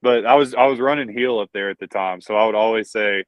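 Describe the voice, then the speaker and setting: A man's voice: on the low side, quick pace, clear, resonant tone, dry recording. A man with a Southern accent, a pro wrestler talking in a casual interview, rambling and swearing often. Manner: profane, rambling, says "dude" and "bro". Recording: dull lo-fi dry audio.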